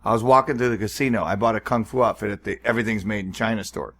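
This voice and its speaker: A man's voice: on the low side, racing. A man co-hosting a podcast, swearing freely in casual chat and acting out the voices in his stories. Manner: animated storyteller, swears, acts out voices. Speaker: podcast co-host.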